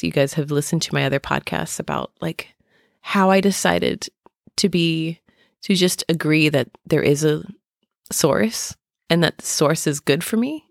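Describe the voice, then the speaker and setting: A middle-aged woman hosting a podcast, speaking haltingly with many fillers and restarts as she searches for words. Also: fairly low pitch, creaky, no echo, clean studio sound. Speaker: podcast host. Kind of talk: personal podcast talk.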